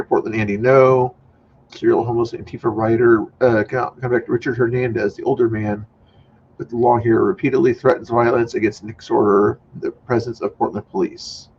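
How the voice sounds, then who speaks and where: A man's voice: mid-range voice, highs cut off, slight background noise. A man hosting a livestream, chatting casually and rambling as he comments between clips. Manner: rambling, chatty, self-correcting. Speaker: livestream host.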